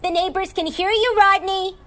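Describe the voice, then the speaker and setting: A woman's voice: very high-pitched, moderate pace, fairly bright tone. An actress playing a dramatic, theatrical woman in a stormy marriage, breezy and unbothered, with wry asides. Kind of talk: theatrical stage acting.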